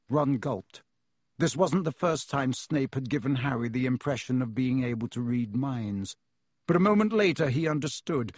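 A man reading a storybook aloud in a measured, expressive way. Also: medium pitch, dry recording, clean studio sound. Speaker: audiobook narrator.

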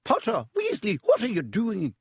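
A man's voice: high voice, wildly swooping pitch, normal speed, breathy edge, dry recording, clean studio sound, pitched above the performer's own voice, full character voice. A man doing McGonagall, a stern older professor. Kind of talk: audiobook character voice.

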